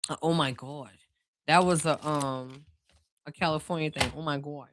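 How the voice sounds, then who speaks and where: A tarot reader with a New Orleans accent, talking casually and directly to the viewer with relaxed, drawn-out phrasing. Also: mid-range voice, background noise. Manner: reassuring, speaks straight to the viewer. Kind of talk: casual spiritual card reading.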